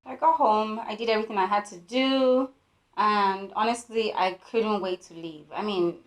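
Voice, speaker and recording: Animated woman telling a story. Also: medium pitch, normal speed, echoey room, noisy background. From Nigeria. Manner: animated storytelling with voiced quotes. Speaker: vlogger. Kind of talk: storytime vlog.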